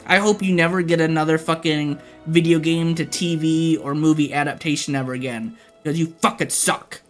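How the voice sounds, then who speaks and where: A man's voice: a little high, fairly even intonation, a little fast. Man ranting profanely over faint music. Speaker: livestreamer. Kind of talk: casual ranting to stream chat.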